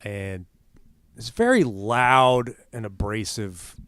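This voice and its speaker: A man's voice: fairly low pitch, takes it slowly, clean tone, no room sound. A man co-hosting a podcast, chatting casually and acting out the people in his stories. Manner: animated storyteller, acts out quotes loudly. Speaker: podcast co-host. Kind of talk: casual chat.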